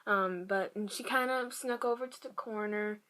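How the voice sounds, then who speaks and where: A woman vlogger telling a personal story to camera in a halting, hushed way, often dropping to a whisper. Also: mid-range voice. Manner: many fillers and restarts.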